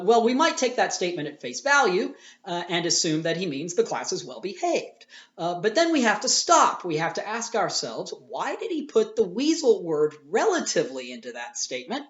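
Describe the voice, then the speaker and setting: Teacher lecturing in a roomy, muffled recording. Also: male voice, on the high side, a bit bright. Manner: explanatory, with frequent "uh" pauses.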